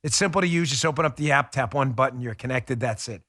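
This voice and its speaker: A man hosting a political talk show with brisk, emphatic talk-radio delivery on a studio mic. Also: medium pitch, sharp tone, a little hiss or hum. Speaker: host.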